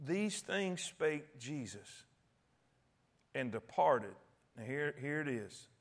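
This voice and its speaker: A man with a high voice preaching a sermon. He repeats phrases and restarts often, driving his points home emphatically. He swings between loud cries and hushed, low tones.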